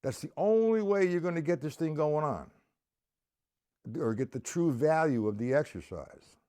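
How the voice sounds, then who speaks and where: A man's voice: fairly high pitch, expressive, normal speed, dark tone, clean tone. A middle-aged man teaching a live-streamed drum lesson, patiently explaining and counting aloud as he plays.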